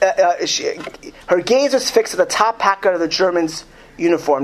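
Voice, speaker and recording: A man reading a story aloud to an audience, slow and emphatic, stumbling and restarting often. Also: sits high, slight background noise. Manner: reads slowly and with emphasis, with frequent restarts. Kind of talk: lecture with read-aloud story.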